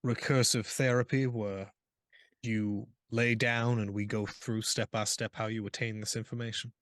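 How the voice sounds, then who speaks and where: A man's voice: lowish voice, flat delivery, normal speed, a bit bright, no room sound, studio quality. A man playing a tabletop game, casual and skeptical, asking pointed questions. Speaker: player.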